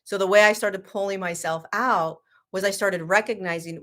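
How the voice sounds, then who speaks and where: A woman hosting a casual talk, telling a personal story in an animated, laughing way that swings between loud and hushed. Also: medium pitch, moderate pace, hardly any pauses. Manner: frequent 'like' and restarts, sarcastic. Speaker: host.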